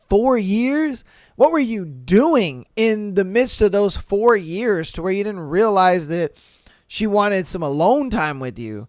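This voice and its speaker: In clean studio audio free of room sound, a young podcast host with a high voice reads listener stories. He responds loosely and slangily, often swearing and laughing.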